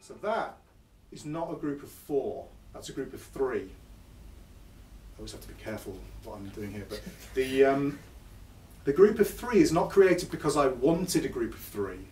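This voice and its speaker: A man's voice: mid-range voice, expressive, normal speed, a little mellow, recorded from a distance, slight background noise. Man teaching guitar in an echoey shop. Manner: chatty, self-deprecating explaining. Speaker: guitar clinician. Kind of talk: live demonstration lesson. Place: music store, in front of a live audience. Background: guitar playing between phrases.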